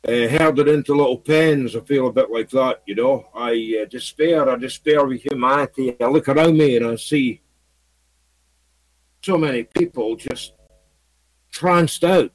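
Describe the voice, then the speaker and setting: In a rough recording, a Scottish video blogger speaks to his audience at a measured pace and medium pitch. It's a casual monologue to camera that meanders, repeats, and is stuffed with fillers.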